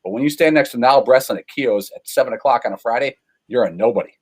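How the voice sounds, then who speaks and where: A man's voice: mid-range voice, fast talker, rough recording. A man from Chicago, a guest telling long, rambling, self-deprecating stories in a casual way, with many fillers. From Chicago, USA. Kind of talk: casual storytelling over a call.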